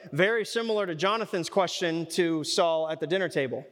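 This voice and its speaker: A man's voice: high voice, fairly quick, few pauses, fairly bright tone, big-room sound. A man preaching a Bible study, conversational and fond of rhetorical questions. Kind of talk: sermon.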